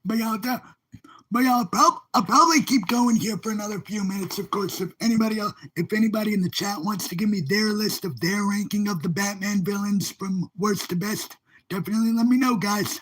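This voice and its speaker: A man's voice: high voice, brisk, a bit bright. A man chatting casually to his viewers on a live stream, rambling and repeating upbeat exclamations. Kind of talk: casual livestream chat.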